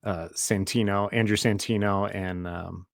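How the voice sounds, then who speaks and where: A man's voice: lowish voice, fairly even intonation, a little slow, vocal fry, no echo, studio quality. A man co-hosting a podcast, chatting enthusiastically and slangily, dropping dude and bro. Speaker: podcast co-host. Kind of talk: casual chat.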